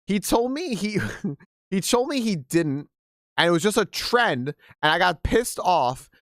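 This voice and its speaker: Animated, swearing game streamer man. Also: high-pitched, measured pace, no echo, studio quality. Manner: candid and profane, laughing asides while reading. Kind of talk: casual live-stream chat and reading stories aloud.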